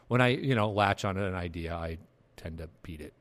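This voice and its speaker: A man hosting a casual podcast chat, animated and quick to laugh. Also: sits low. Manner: animated, quick to laugh and jump into put-on voices. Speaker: podcast host.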